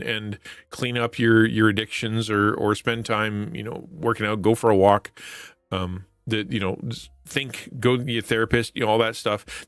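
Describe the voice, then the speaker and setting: A man's voice: mid-range voice, fairly bright tone, no echo, clean studio sound. A man hosting a live stream, talking through a psalm in an earnest, conversational way with frequent restarts and rhetorical questions. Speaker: Christian streamer and devotional host. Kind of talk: casual devotional chat on a stream.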